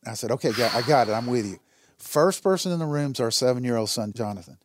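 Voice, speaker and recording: A man's voice: animated, fast, no room sound, studio quality. A man in his sixties telling an emotional personal story as a guest, earnest, acting out what others said. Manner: earnest, acts out quotes with rising pitch.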